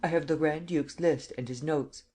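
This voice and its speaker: A man voicing a confident gentleman thief who answers gravely and with quiet assurance, in an audiobook. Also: on the high side, fairly even intonation, moderate pace. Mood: poised. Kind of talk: audiobook character reading.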